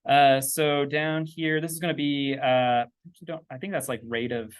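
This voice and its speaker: A man giving a casual software tutorial, chatty and loose, thinking aloud with lots of fillers and checking in with "right?" as he works on a laptop. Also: on the high side, steady tone, normal speed, clear, resonant tone, dry recording. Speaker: 3D texturing instructor. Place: indoors at a laptop.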